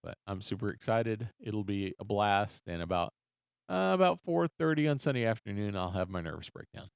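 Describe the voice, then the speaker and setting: A man's voice: on the low side, animated, normal speed, vocal fry, clean tone, no room sound, studio quality. A man co-hosting a podcast, chatty and joking, laughing often. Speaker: podcast co-host. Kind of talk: casual podcast chat.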